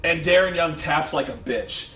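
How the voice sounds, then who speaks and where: A man's voice: on the high side, normal speed, a bit bright. A man co-hosting a review show in casual chat, rambling and swearing a lot. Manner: rambling and profane, lots of fillers. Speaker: co-host of a wrestling review show. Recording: echoey room, distant mic, faint hum.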